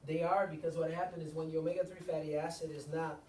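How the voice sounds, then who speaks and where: A man's voice: on the high side, little pitch movement, fast, a little mellow, a little hiss or hum. A man, a chiropractor, giving a seminar to a live audience, speaking emphatically with repeated lines and rhetorical questions. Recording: echoey room, mic far off.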